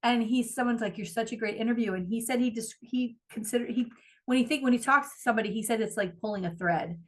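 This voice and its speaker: A woman's voice: on the high side, quick pace. Gushing casual woman podcast co-host. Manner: animated, swearing, gushing. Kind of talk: casual chat.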